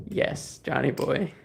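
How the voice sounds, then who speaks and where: A man's voice: a little high, creaky, a little hiss or hum. A man hosting a casual livestream, reading viewer comments aloud and answering them in an easygoing, rambling way. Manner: rambling, easygoing, many fillers and restarts. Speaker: livestream host.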